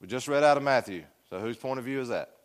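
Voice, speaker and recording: A man's voice: medium pitch, fast talker. A man teaching a Sunday school Bible class, asking the room questions and joking with his students in a folksy way. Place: church classroom.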